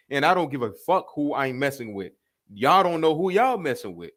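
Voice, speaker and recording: A man's voice: fairly high pitch, big pitch swings, a little fast, fairly bright tone. Angry, profane man ranting. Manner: confrontational, profane, calling people out. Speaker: reaction video host. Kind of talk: heated rant reacting to a clip.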